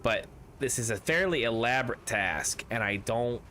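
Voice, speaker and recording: A man's voice: medium pitch, animated, normal speed, sharp tone, a little hiss or hum. A man streaming a tabletop game with friends, chatting casually, rambling through jokes and riddles and swearing now and then.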